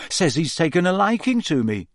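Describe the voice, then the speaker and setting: A man voicing an earnest teenage boy wizard in a storybook reading, speaking plainly and a little higher. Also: very animated, normal speed, no room sound, studio quality.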